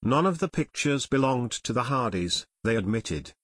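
A man reading an audiobook in steady scripted narration. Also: mid-range voice, moderate pace, slightly rough.

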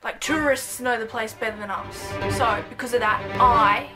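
An Australian woman vlogging a playful, self-mocking comedic monologue to camera, breaking into loud bursts. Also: on the high side, brisk, music in the background.

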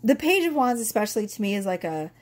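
A woman's voice: mid-range voice, sing-song, quick pace. A woman in her thirties who is losing her voice, chatting casually and swearing as she reads tarot cards to camera. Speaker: tarot reader.

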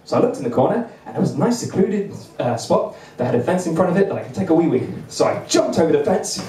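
Young guy doing stand-up, high voice, bumbling and self-deprecating, roomy club sound from far off. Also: sing-song, fast talker, hardly any pauses, darkish tone. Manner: bumbling, self-deprecating, chuckles between lines. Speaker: stand-up comedian. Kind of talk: stand-up comedy set. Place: comedy club stage. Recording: roomy venue, mic at a distance.

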